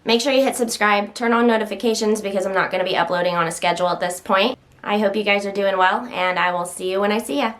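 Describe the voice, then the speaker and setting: A woman's voice: mid-range voice, fast talker, a bit bright. A woman casually chatting to the camera at home while standing, slightly out of breath, rambling and interrupting herself with occasional stutters. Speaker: health vlogger.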